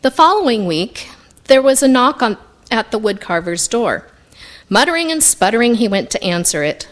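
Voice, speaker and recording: Woman reader for a picture book: lively, expressive, somewhat high voice. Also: moderate pace. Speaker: story reader. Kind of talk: reading a picture book aloud.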